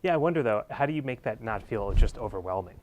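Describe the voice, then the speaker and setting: A man asks questions in a conference interview, his voice sitting low. He muses his way into each question, stopping now and then with an um or uh. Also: animated, fast talker, darkish tone, a little hiss or hum. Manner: thoughtful, musing questions with hesitations.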